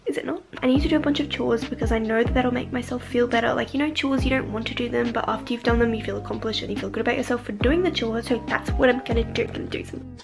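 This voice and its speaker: A woman's voice: fairly high pitch, steady tone, quick pace, gravelly. A woman vlogging casually at home, chatty and ironic, with lots of filler words. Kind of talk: casual vlog chat. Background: background music.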